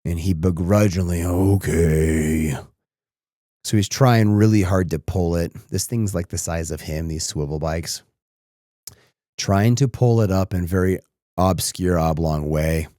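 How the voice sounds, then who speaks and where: Sitting low and a little slow, this man's voice has a dark tone, recorded with studio quality and no echo. In his thirties, he hosts a podcast and recounts a personal story that moves from reflection to tears.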